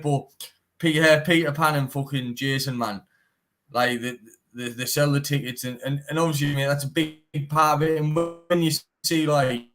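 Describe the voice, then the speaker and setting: A man's voice: fairly high pitch, fairly bright tone. A young man, a bare-knuckle fighter in a casual live-stream interview, talking animatedly, swearing often and saying "mate" all the time. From Teesside, northeast England.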